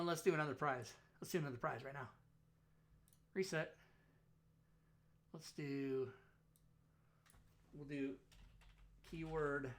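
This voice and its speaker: A man's voice: medium pitch, a bit bright. A man hosting a casual livestream talk show, chatting loosely with his viewers, running raffles and rambling between jokes. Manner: loose, rambling, joking with chat.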